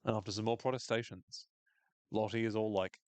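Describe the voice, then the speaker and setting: A man's voice: on the low side, little pitch movement, brisk, darkish tone, clean tone, no echo. A man hosting a podcast, recapping a TV episode in casual chat, swearing freely and acting out characters' lines in funny voices.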